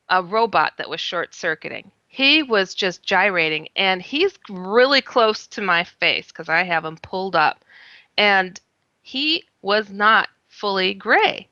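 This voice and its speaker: Give me a woman with a bright, forceful voice recounting a strange encounter in lively, expressive bursts, laughing now and then and putting on her own quoted words. The sound is a bit muffled and lo-fi, with a dry, close feel and no room around it. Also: on the low side, no room sound. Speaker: guest. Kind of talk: animated first-person storytelling.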